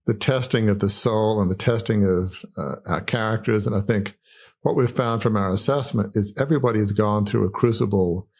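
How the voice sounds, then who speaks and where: A middle-aged Australian man with a fairly low voice. He talks earnestly and thoughtfully on a podcast, pausing often with fillers. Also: husky. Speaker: podcast host. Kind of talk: reflective podcast conversation.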